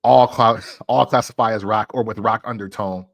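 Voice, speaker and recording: A man's voice: lowish voice, fairly even intonation, normal speed, vocal fry. A man hosting a casual music talk show, arguing playfully and laughing often.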